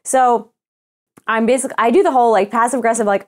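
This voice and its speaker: A woman's voice: a little high, fast. A young woman co-hosting a podcast, telling a frustrating story with casual swearing and acted-out quotes. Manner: animated storytelling, swears freely, acts out quoted exchanges. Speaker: podcast co-host. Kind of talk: casual chat.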